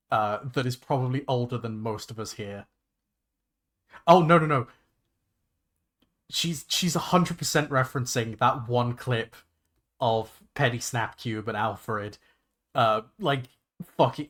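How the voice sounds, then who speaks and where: A young man chatting casually on a livestream while he plays a game, rambling and excitable, swearing freely and restarting his sentences. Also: mid-range voice, a little slow, long pauses. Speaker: VTuber streamer. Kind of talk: casual gaming livestream chat.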